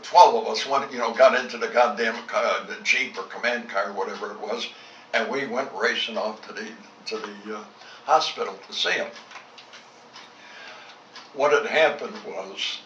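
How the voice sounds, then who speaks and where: A lowish, pushed, bright voice at a measured pace with frequent pauses belongs to an older man, once a fighter pilot. He gives blunt, salty accounts of the war, reenacting both speakers in old conversations. Slight background noise marks the roomy, dull home tape, recorded from a distance.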